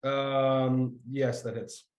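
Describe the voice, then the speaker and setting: A man running a tabletop game as game master, talking in a halting way with many fillers. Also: medium pitch, flat delivery, darkish tone, echoey room, low-quality recording.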